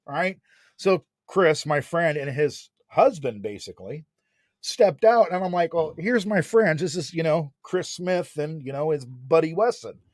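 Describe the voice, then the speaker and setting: Man, 40s, casual storyteller, slangy and lively, a bit high, dry sound. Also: measured pace, no echo. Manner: animated, slangy, lots of "man" and "right?".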